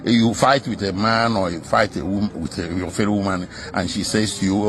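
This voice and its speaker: A man's voice: fairly low pitch, fairly even intonation, a bit bright. A man, a lawyer answering a reporter in an emphatic, indignant way. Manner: emphatic, indignant, measured argument. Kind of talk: news interview.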